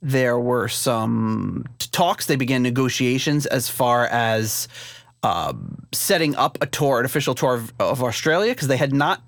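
A man's voice: mid-range voice, unhurried, a bit bright, no echo, studio quality. A man hosting a casual podcast live stream, rambling with lots of fillers and laughing easily, recorded at home. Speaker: podcast host. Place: home room with a CD rack.

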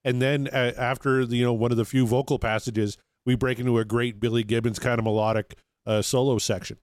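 A man's voice: mid-range voice, level tone, fairly quick, clean tone, dry recording, studio quality. A man hosting a music podcast, talking casually with jokes and crude asides. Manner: easygoing, joking, crude asides. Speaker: podcast host.

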